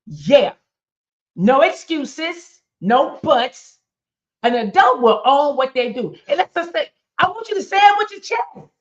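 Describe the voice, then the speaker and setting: A woman's voice: high-pitched, sing-song, unhurried. Emphatic woman speaker, dull lo-fi sound. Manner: emphatic, addresses audience directly with questions. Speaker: motivational speaker. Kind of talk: preaching-style motivational talk. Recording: dull lo-fi recording.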